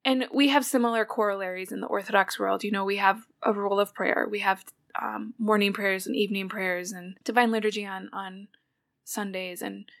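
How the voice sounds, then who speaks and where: A woman speaks with a slightly gravelly, fry-tinged voice, steady in pitch. She talks thoughtfully, working through ideas at length in a relaxed conversation about faith. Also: fairly quick. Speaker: guest.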